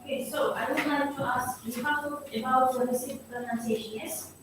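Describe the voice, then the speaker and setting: A woman moderating a thesis defense asks her questions politely and deliberately in a high voice. She is far from the mic in an echoing hall. Clear room noise runs beneath her. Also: fairly even intonation. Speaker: panel member and moderator. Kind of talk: formal questioning.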